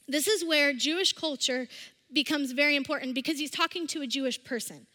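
A woman giving a casual, conversational sermon, acting out scripture scenes in lively voices. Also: sits high, brisk. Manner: chatty, acts out quotes with animated voices. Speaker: speaker at a church service. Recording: long reverb of a hall.

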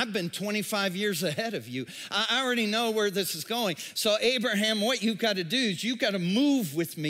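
A man's voice: sits high, bright, forceful tone. A man voicing God calling an old man to follow Him, urgent and stumbling over repeated words in a hall with long reverb.

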